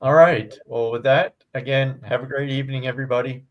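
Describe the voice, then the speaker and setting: A man co-hosting a live-stream show, wrapping up casually in a relaxed, rambling way full of fillers like "you know". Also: mid-range voice, a little fast, muffled recording. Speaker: show co-host.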